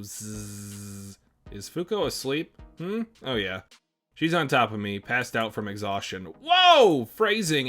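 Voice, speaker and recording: A man's voice: fairly low pitch, fairly bright tone. A man hosting a manga reaction, reading the character dialogue aloud and breaking off into chatty remarks.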